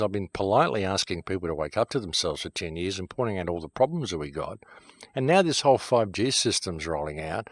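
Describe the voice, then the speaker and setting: A middle-aged man with a deep, low voice hosts his own show from a shed studio out in the countryside. He delivers an emphatic, heated monologue that eases into calmer, wry asides. The sound is close and dry, with no room echo. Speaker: host. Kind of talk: ranting monologue to camera.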